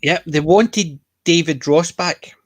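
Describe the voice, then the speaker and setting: A man with a Scottish accent, co-hosting a casual podcast chat and retelling scenes with lively energy. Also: fairly high pitch, slow pace, no room sound. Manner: chatty, animated retellings of scenes. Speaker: podcast co-host.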